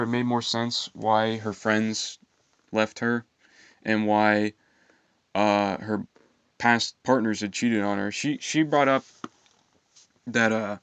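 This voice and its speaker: Aggrieved young man, smooth low voice. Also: fairly bright tone, dry recording, dull audio. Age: young adult. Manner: aggrieved, profane, halting with fillers. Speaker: vlogger. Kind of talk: rambling personal storytime monologue.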